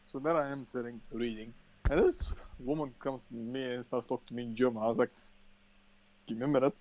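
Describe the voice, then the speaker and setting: A man's voice: mid-range voice, quick pace. A man from Bulgaria, a podcast co-host, telling a story in casual chat and swearing freely along the way. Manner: swears freely, animated storytelling with quoted voices.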